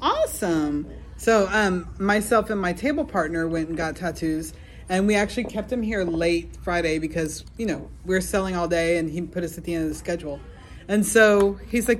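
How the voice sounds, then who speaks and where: A woman co-hosting a live podcast at an event, telling a story in a brisk, joking way. Her voice sits at an ordinary pitch, with faint room noise behind her. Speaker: podcast co-host.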